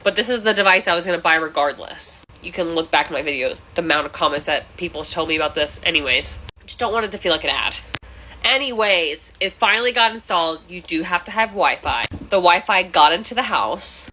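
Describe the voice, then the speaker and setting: Woman landlord vlogging, bright, animated storyteller; faint room noise behind. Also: fairly low pitch, a little fast, low-quality recording. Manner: animated, exasperated, gossipy. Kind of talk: casual storytime vlog.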